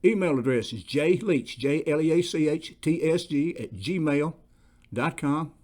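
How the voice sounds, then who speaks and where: A man's voice: fairly high pitch, expressive, unhurried, darkish tone. Folksy Southern man telling stories. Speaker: host, former police investigator. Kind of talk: folksy storytelling.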